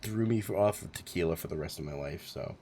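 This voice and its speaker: A man's voice: low voice, fast talker, mellow, a little hiss or hum. A man in his forties telling a rambling, profane story on a live stream, chuckling as he goes. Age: 40s.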